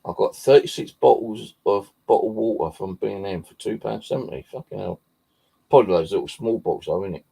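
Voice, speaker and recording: A man's voice: fairly low pitch, fairly quick, vocal fry, dark tone, slightly rough, low-quality recording. A man chatting casually to camera, rambling and swearing often. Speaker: vlogger.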